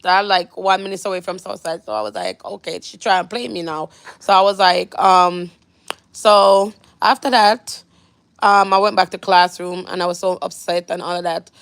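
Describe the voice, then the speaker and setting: A woman's voice: on the low side, moderate pace, gravelly, clean tone, no echo. A young Jamaican woman vlogger telling a storytime, rambling with many restarts and fillers. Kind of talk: storytime vlog.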